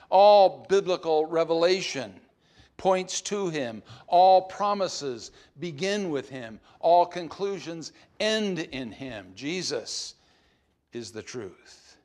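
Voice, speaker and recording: A man preaching a sermon as pastor at a church service, with deliberate emphasis that swings between loud stresses and soft, low phrases.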